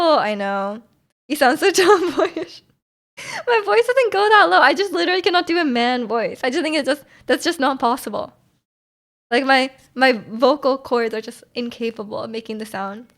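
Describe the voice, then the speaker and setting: Woman, young adult, streamer, casual chat, giggly, rambling, high voice. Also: fairly bright tone. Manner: giggly, rambling, trails off into mumbles.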